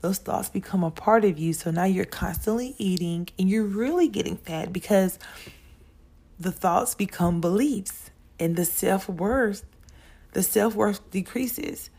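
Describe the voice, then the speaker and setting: A woman's voice: mid-range voice, a little slow, gravelly, darkish tone, husky. A woman hosting her own podcast, talking casually and straight to her listeners, often repeating words as she goes. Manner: chatty, repeats words and restarts, addresses listeners as y'all. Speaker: podcast host. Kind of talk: casual monologue.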